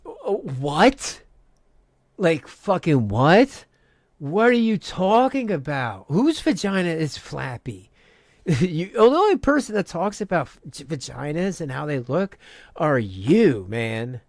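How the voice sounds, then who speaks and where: A man's voice: a little high, very animated, takes it slowly, dry recording, clean studio sound. A man hosting a commentary channel, delivering a profane, mocking rant with exasperated disbelief. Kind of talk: angry reaction rant.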